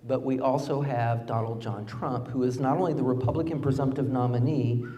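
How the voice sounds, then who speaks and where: A middle-aged man giving a campaign speech at a fundraiser, impassioned, rising to emphatic peaks and dropping low and quiet. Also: steady tone, brisk, distant mic, highs cut off. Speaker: political candidate. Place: fundraiser event venue.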